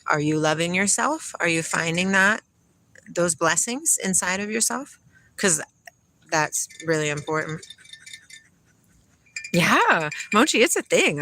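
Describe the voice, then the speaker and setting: A woman's voice: on the low side, a bit bright, no echo. A middle-aged woman vlogging a rambling spiritual monologue, laughing often and talking to her parrot.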